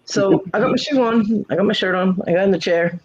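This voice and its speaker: A middle-aged woman hosting a casual livestream chat, telling a story with lots of swearing and jumping into high voices for quotes while greeting viewers. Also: fairly quick, slight background noise. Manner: profane, animated storytelling with leaping voices for quotes. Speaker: livestream host. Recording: muffled lo-fi stream audio.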